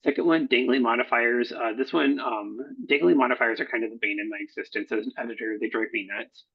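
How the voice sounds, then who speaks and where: A man with a gravelly, husky voice teaches a writing workshop over his slides, often pausing on fillers and restarting words. The sound is dull and lo-fi, like a computer mic. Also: medium pitch, fairly even intonation. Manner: halting, frequent fillers and self-corrections. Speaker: proposal editor. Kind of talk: recorded workshop lecture. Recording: dull lo-fi recording.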